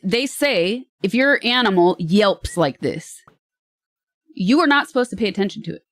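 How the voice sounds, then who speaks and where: A streamer voicing a mocking high-pitched woman who repeats animal training advice in an exaggerated way. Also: expressive, moderate pace, a bit bright, no echo, studio quality, natural voice.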